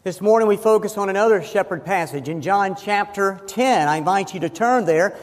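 A man preaching a sermon as pastor, emphatic and slowing down to stress key phrases. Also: high-pitched, faint music behind. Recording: long reverb of a large hall.

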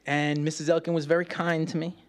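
A man's voice: fairly high pitch, level tone, fairly quick, smooth. A man preaching a sermon, telling a personal story with playful humor and frequent laughter. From United States. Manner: playful, laughs often, acts out voices.

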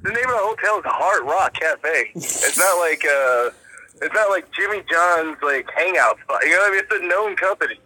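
A man's voice: fairly high pitch, lively intonation, moderate pace, pushed and bright, husky, rough recording. A young man in casual chat, talking loosely with many fillers and frequent laughter. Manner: laughing often, lots of fillers. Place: Philadelphia.

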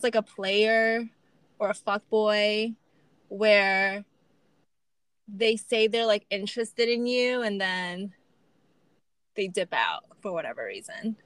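A woman's voice: mid-range voice, clear, resonant tone, dry recording. A woman co-hosting a casual chat, thinking aloud and guessing at meanings. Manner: relaxed, thinks aloud with fillers. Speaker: podcast co-host.

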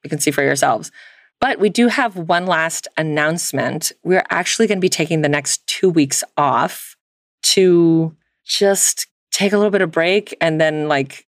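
Low-voiced profane woman podcast host. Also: a little slow, dry recording, clean studio sound. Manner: profane, laughs often, calls her co-host girl. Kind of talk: casual chat.

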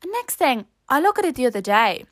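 A woman's voice: high voice, very animated, brisk, dry recording. A young Irish woman hosting a podcast, chatting casually and rambling through self-mocking stories. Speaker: podcast host. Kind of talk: casual chat.

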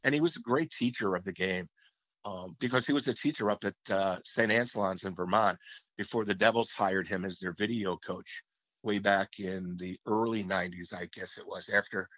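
A deep-voiced former play-by-play announcer for hockey, fairly bright in tone, tells reminiscing stories at a moderate pace in an interview. He's reflective and keeps restarting his sentences; the recording is dry, lo-fi and slightly muffled.

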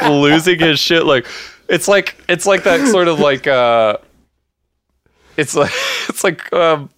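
A man casually recapping a TV episode with a co-host, animated and laughing often as he acts out lines. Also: fairly high pitch, takes it slowly, clean tone, no room sound, studio quality. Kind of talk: casual chat.

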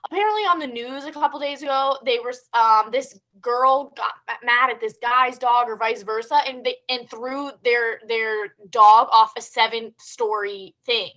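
A young woman chatting on a podcast, her voice sitting a little high. She tells stories in an animated, ranting way, peppered with "like". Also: moderate pace, hardly any pauses. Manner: animated storytelling, ranting, heavy use of "like". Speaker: podcast co-host. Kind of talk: casual chat.

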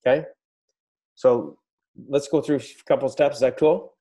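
In an unhurried, warm, mid-range voice, a podcast host gives a motivational pep talk to business owners. He is blunt and swears a lot.

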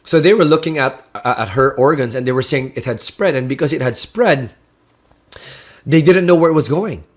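A man's voice: mid-range voice, moderate pace. A man preaching a sermon, sharing a personal testimony in an earnest, heartfelt way with frequent restarts.

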